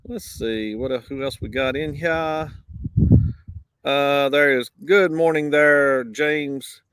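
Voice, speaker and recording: A man's voice: fairly high pitch, takes it slowly, a bit bright, smooth, dry recording, clean studio sound. Laid-back man chatting outdoors. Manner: easygoing, drawls greetings to viewers. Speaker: host of a live morning show. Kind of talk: casual live-stream chat. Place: outdoors on a windy day. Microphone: basic mic, no wind cancelling.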